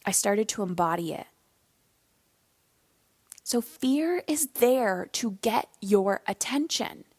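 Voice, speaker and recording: A woman's voice: mid-range voice, animated, a little mellow, dry recording. Candid woman hosting a solo podcast. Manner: candid, conversational storytelling; slows down to stress key points. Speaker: podcast host.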